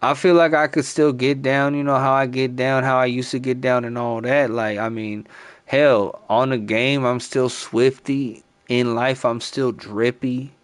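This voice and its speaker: A man's voice: mid-range voice, steady tone, unhurried, clear, resonant tone, no room sound. A man in his thirties, a gaming streamer, ranting casually in profane, slangy talk full of repeated fillers, into a headset mic. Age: 30s. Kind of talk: casual rambling rant.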